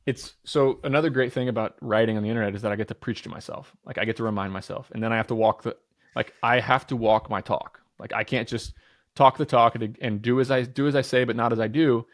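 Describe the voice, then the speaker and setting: A man's voice: medium pitch, steady tone, quick pace, dry recording, studio quality. A man in his thirties, an entrepreneur guest on a podcast, talking with energy and certainty and swearing casually. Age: 30s. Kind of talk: podcast interview.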